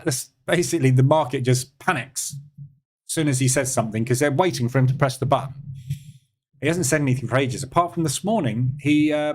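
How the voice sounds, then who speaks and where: A man's voice: mid-range voice, darkish tone. A man with a British accent hosting a live trading room, chatting casually and sarcastically while answering viewer comments. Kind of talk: casual live-stream chat.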